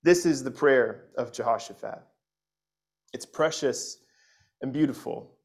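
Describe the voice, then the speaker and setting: Speaking a little slowly in a mid-range voice, this pastor delivers an earnest expository sermon. He repeats words, asks "right?" to check in, and reads scripture expressively.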